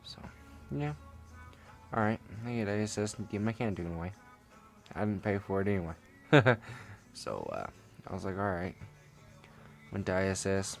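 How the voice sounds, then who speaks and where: A man's voice: low-pitched, lively intonation, moderate pace, vocal fry, pauses often, soft background music. A young man casually telling a personal story, rambling and swearing with lots of fillers. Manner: rambling, profane, laid-back with many fillers. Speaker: vlogger.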